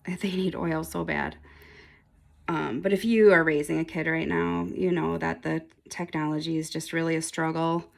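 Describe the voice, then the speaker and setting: A woman's voice: low-pitched, little pitch movement, normal speed, vocal fry. A woman in her forties, a nail polish vlogger, rambling casually to camera with lots of ums and frequent laughs. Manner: rambling, chatty, laughs often, many ums.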